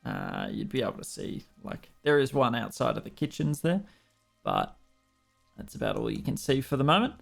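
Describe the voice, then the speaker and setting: A man's voice: medium pitch, huge pitch swings, normal speed, vocal fry, faint music behind. An Australian man running a tabletop game as game master, talking casually with lots of filler words. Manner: casual, hesitant with many fillers.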